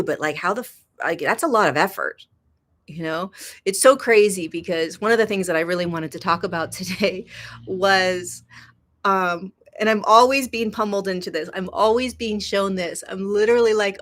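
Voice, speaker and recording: A woman hosting a casual spiritual livestream, chatty, greeting viewers by name and swinging from soft to excited. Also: mid-range voice, measured pace. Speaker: host. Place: indoors in Kenya.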